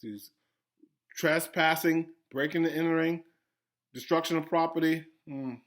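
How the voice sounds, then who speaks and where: A man, a school principal, reading a children's story aloud with animated, gasping, teacherly asides to young pupils. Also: a little high, a little slow.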